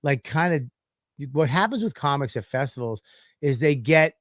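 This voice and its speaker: A man's voice: on the high side, animated, moderate pace, fairly bright tone, no room sound, clean studio sound. A man, a comedian and podcast host, telling stories in a profane, ranting way in casual chat.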